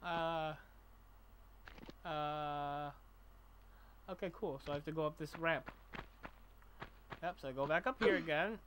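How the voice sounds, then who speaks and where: A man's voice: a little high, unhurried, long pauses, a bit bright, slight background noise, rough recording. A man streaming a video game, joking and talking to himself as he plays. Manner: jokey, talks to himself, does voices. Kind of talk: casual gameplay commentary.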